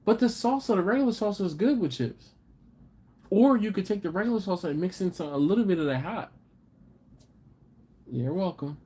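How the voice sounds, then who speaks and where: A man's voice: high voice, animated, a little fast, long pauses, a little mellow, husky. A man hosting a live stream, casually chatting and reading viewer comments with easygoing chuckles. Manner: laid-back, chuckling, chatty asides to viewers.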